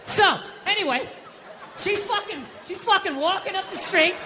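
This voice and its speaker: Loud ranting man doing stand-up. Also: normal speed, a crowd in the background, background noise. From United States. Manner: loud, ranting, profane, swings between shouting and low muttering. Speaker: stand-up comedian. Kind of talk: stand-up comedy set.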